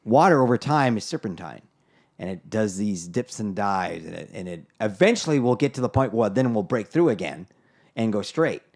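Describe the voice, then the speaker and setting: A man with a fairly low voice, co-hosting a relaxed podcast conversation. He muses and tells long stories at an easy pace, stopping for the odd filler as he looks for words. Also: normal speed. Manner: storytelling, reflective, many fillers. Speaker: podcast co-host. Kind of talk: casual chat.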